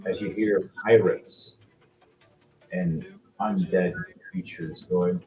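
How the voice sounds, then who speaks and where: A man's voice: low-pitched, lo-fi sound, faint music behind. A man running a tabletop game. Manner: relaxed, conversational, quick asides. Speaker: game master.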